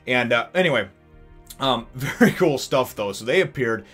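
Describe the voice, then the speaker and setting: A man hosting a casual episode review, rambling and animated, full of fillers, chuckles and acted-out bits. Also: mid-range voice, normal speed, husky, soft background music. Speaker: anime reviewer and channel host.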